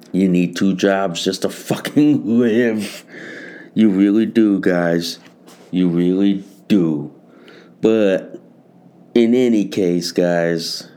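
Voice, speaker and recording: A man talks slowly in a low, gravelly voice, hosting his own podcast alone. He keeps repeating phrases and swears freely. He comes across as worn out. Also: darkish tone. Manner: repeats phrases, swears often, addresses listeners as guys. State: tired. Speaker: podcast host. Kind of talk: solo podcast monologue.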